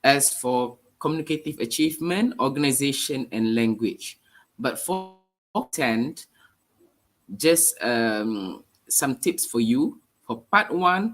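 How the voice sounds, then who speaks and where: Slow, nasal male teacher. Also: mid-range voice, fairly bright tone. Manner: hesitant, many fillers, explanatory. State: nasal, under the weather. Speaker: English teacher. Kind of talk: live online writing lesson.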